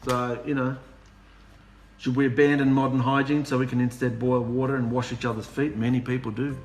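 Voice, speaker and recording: A man preaching an animated, humorous sermon, sarcastic and worked up. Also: mid-range voice, fairly quick, slight background noise. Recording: echoey room with music behind.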